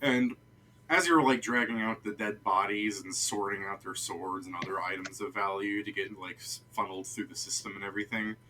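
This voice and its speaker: Casting: male game master, casual and joking, bright tone, faint noise behind. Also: on the low side, fairly even intonation, brisk, poor audio. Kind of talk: narrating a tabletop game.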